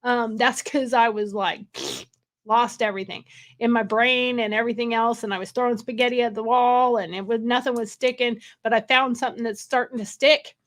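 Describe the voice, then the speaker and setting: A woman's voice: on the high side, normal speed. A woman hosting a casual livestream from a hotel room, rambling and wired, with frequent laughs. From California. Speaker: livestream host.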